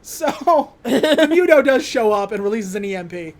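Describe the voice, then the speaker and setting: A young woman hosting a podcast casually recaps a movie, laughing a lot and quoting lines in goofy voices. Her voice is mid-range and expressive at normal speed.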